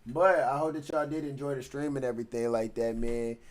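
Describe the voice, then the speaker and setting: A man's voice: medium pitch, fairly quick. A male streamer host talking casually and laughing along, signing off his stream. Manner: laid-back, laughs often, slangy. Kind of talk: casual live-stream chat.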